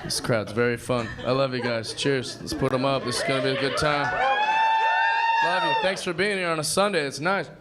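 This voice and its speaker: A man doing a stand-up set, telling a story in an animated way and acting out the voices of people in it. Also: medium pitch, fairly quick, very noisy. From United States. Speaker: stand-up comedian. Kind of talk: stand-up set played from a clip.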